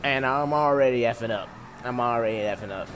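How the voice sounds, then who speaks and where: A young man giving excitable, jokey commentary on a driving game, laughing and shouting often. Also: medium pitch, a little fast, slight background noise. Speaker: gameplay commentator. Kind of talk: live let's-play commentary. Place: home room.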